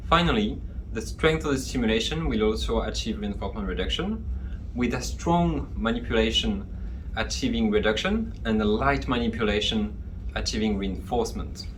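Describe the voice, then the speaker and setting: A man explains acupuncture technique in a calm, methodical way, pausing now and then to find his words. His voice sits a little low, and a faint hum of room ambience runs underneath. The delivery is that of a clinical teaching demonstration. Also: poor audio. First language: French. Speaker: acupuncture lecturer.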